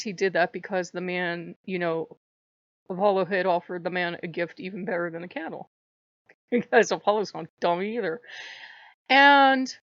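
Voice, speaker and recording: A woman hosting her channel, telling myths casually with an animated, irreverent manner, on a dull lo-fi recording. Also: mid-range voice, dry recording. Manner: animated, irreverent, laughs often. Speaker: channel host. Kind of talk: casual mythology storytelling.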